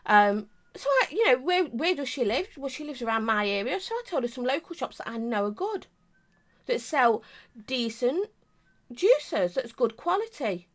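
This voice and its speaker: A woman's voice: high voice, very animated, moderate pace. A middle-aged woman with an English accent, chatting casually to camera as a vape reviewer, rambling with many asides.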